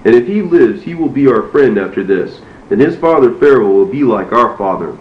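A man voicing a calm, righteous elder brother who restrains others, reading a storybook in a steady, restraining way. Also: mid-range voice, fairly quick, far from the mic, close to an everyday voice. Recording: roomy, dull, faintly noisy.

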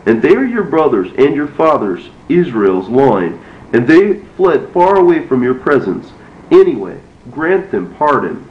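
A man voicing a gentle, merciful noblewoman as he reads a storybook aloud, in an earnest, pleading way. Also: medium pitch, big pitch swings, unhurried. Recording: roomy, dull, faintly noisy.

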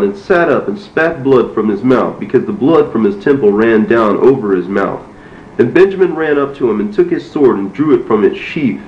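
A man narrating an ancient story in a steady, measured reading voice. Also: medium pitch, distant mic. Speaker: reader. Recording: roomy, dull, faintly noisy.

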